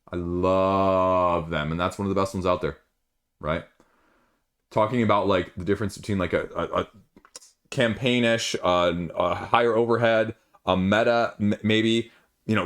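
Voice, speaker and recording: Rambling board game channel host man. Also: deep voice. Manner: rambling, animated, off-the-cuff asides. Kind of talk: casual solo video commentary.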